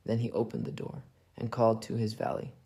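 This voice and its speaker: A man reading a classic detective story aloud in a calm, soft storybook narration. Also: lowish voice, a little fast, gravelly, husky.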